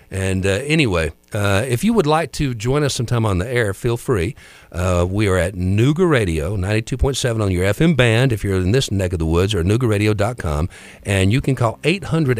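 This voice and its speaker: A middle-aged man hosts a radio show and tells stories in a loose, joking, irreverent style. His voice sits fairly low but moves all over the place. The studio sound is close and dry, with soft music underneath. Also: animated, moderate pace, no echo. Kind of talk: casual on-air storytelling. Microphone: studio radio mic.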